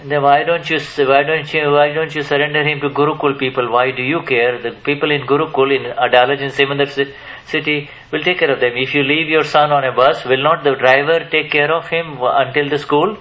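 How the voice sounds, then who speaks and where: Man, spiritual teacher at a live Q&A, halting delivery full of restarts, dull lo-fi recording. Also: a little high, level tone, a bit bright. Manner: hesitant, many restarts, asks the audience questions. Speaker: spiritual teacher answering questions. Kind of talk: spiritual Q&A talk to a live audience.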